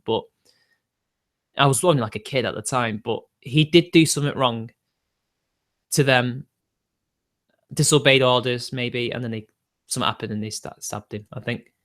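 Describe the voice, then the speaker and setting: A man's voice: medium pitch, fairly bright tone. A young man, arguing defensively with his live-stream chat and laughing between points.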